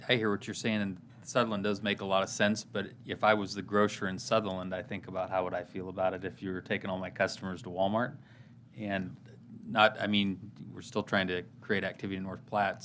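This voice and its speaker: A man speaking as a council member, reasoning through a point in an even tone. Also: low voice, slight background noise. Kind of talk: council discussion.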